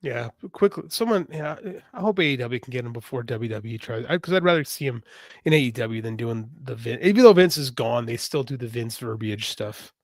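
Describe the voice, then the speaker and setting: A man co-hosting a podcast in casual chat, animated and quick to agree, with exaggerated complaints. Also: mid-range voice, no echo, clean studio sound. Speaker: podcast co-host.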